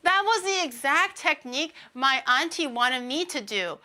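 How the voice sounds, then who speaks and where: A woman streamer in loose, casual stream chat, with a bright, forceful voice set a little high. She tells animated stories, laughs often and slips into impressions of the people she talks about. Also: a little slow. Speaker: VTuber streamer.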